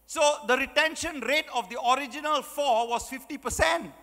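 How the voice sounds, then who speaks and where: A man's voice: extremely high pitch, moderate pace, sharp tone. A man giving an emphatic motivational speech as a guest speaker, repeating key phrases and asking the audience rhetorical questions. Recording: long hall reverb.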